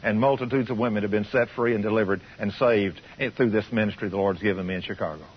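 A man's voice: on the low side, steady tone, fast talker, breathy edge, voice pushed down. A man voicing a woman giving a church testimony, a little raised and earnest. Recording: muffled radio broadcast.

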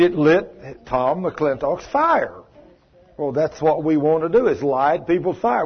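Brief: fervent man preaching, husky, fairly high voice, dull lo-fi. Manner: fervent, emphatic, tells stories with acted quotes. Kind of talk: sermon.

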